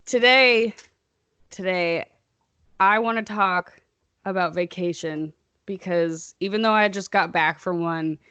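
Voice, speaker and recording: A woman's voice: lowish voice, slow, fairly bright tone, smooth, dry recording. Woman, young adult, podcast co-host, casual chat, playfully sarcastic, rambling, dry sound.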